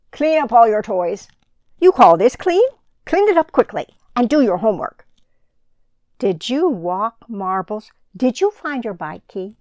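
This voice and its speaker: A woman voicing a strict, bossy father in a storybook, firing off a string of quick orders and scolding questions. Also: on the high side, darkish tone, no echo. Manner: rapid-fire scolding, commanding.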